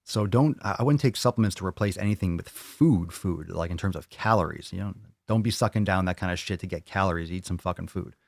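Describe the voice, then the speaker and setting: Blunt, profane deep-voiced male fitness host. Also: fast talker, gravelly, no echo, studio quality. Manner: blunt and profane, opinionated rants. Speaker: fitness channel host answering viewer questions. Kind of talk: live Q&A.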